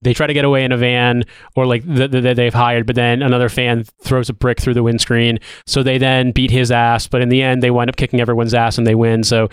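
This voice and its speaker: A man's voice: mid-range voice, little pitch movement, a little fast, few pauses, clear, resonant tone, dry recording. A man co-hosting a podcast in casual chat, rambling with restarts and frequent swearing. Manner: rambling, profane, with filler-heavy restarts. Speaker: podcast co-host.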